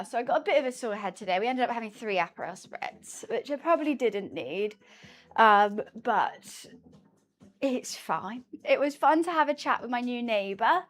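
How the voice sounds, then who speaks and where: High-voiced chatty woman streamer. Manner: chatty, laughs often, coos to her cat. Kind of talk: casual chat while cooking on stream.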